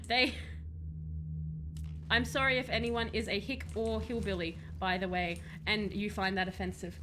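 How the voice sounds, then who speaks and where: High-pitched chatty woman streaming a game. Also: normal speed, noisy background. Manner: rambling, chatty, laughs at own jokes, reads chat. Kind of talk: casual live-stream chat while gaming. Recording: music playing behind.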